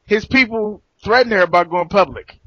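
A man's voice: sits high, moderate pace, bright, forceful tone, no echo, lo-fi sound. A man co-hosting a podcast, talking in a playful, teasing way and laughing often. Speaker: podcast co-host. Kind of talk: casual chat.

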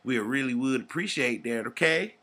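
A man's voice: mid-range voice, expressive, moderate pace, sharp tone. A man with a Southern US accent co-hosting a podcast in a casual, laid-back, profane way. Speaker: podcast co-host.

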